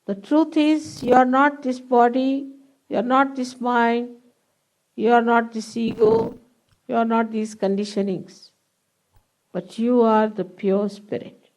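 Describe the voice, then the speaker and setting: Slow-speaking older woman guiding meditation. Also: fairly high pitch, a little mellow, rough recording. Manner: slow, deliberate instructions with long pauses. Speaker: meditation teacher. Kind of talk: guided meditation at a public program. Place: public hall.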